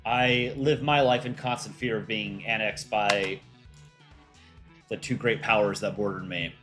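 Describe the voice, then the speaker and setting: A man's voice: fairly low pitch, steady tone, a little slow, over music, voice pushed down, natural voice. A man voicing an anxious Poland countryball cartoon character who frets in a gloomy tone. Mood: fretful.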